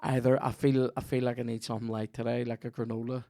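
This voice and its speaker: A man's voice: medium pitch, flat delivery, fast talker, warm tone. A man with a Northern Irish accent hosting a comedy podcast, rambling through a sweary, jokey ad read.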